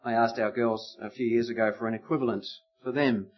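A middle-aged man preaching a sermon, telling stories with lively acted voices. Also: mid-range voice, brisk. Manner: animated storytelling with acted voices. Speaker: pastor. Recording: slightly muffled lo-fi recording.

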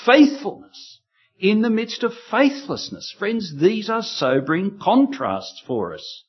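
A male preacher delivers an expository sermon with a husky, slightly raised voice that swings widely in pitch. He sets up contrasts in emphatic, rhythmic pairs. The recording is dull and lo-fi. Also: sing-song, slow pace.

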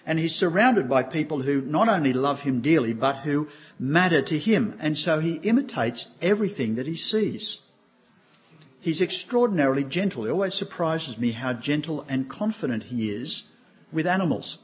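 Older pastor preaching a sermon. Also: male voice, fairly high pitch, lively intonation, normal speed, dull audio. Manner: earnest, asks the congregation questions.

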